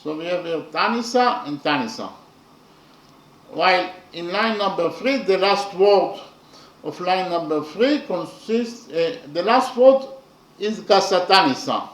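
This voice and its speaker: A man teaching poetry in a slow lecture, halting often with fillers as he explains. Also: high voice, expressive, fairly bright tone. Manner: hesitant, many pauses and fillers. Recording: echoey room.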